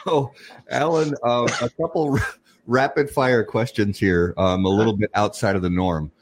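A man's voice: on the low side, steady tone, normal speed. A man hosting a casual podcast chat, joking and sarcastic as he asks questions. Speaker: podcast host.

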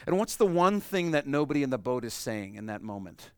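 Man, pastor, sermon, emphatic, loud-to-hushed delivery, dry close sound. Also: medium pitch, sing-song, fairly quick, clean tone, no echo. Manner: emphatic, explanatory, swings between loud and hushed.

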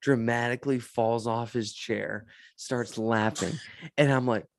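A man in casual podcast chat, a pastor and co-host telling animated stories and laughing often. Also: medium pitch, a little slow, no echo.

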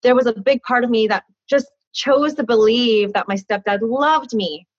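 An interviewed woman in her thirties speaks candidly and animatedly about her own experiences, laughing frequently and acting out dialogue. Her voice is a little high with a breathy edge, at normal speed. It's a dull, dry, lo-fi recording.

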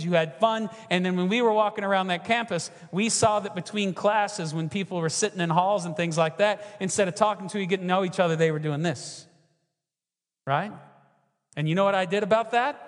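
A man's voice: high voice, normal speed. A man preaching a sermon, often asking the congregation questions. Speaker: pastor. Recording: long reverb of a large hall.

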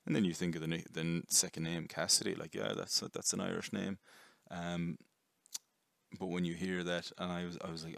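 A man giving a casual, rambling movie review, chatty and quick to swear. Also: low-pitched, level tone, vocal fry, a bit bright, no room sound. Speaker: film reviewer.

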